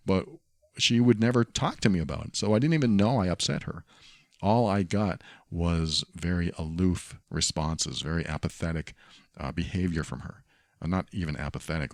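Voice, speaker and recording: A man's voice: deep voice, no echo, studio quality. A man hosting a solo podcast, talking earnestly and reflectively, often repeating his key phrases. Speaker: podcast host.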